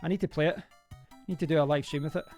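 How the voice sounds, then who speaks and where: A man's voice: a little high, fairly even intonation, racing, darkish tone, faint music behind. A man chatting casually to viewers during a live stream, reacting aloud to the game as he plays and rambling into stories. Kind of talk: casual live-stream chat while playing.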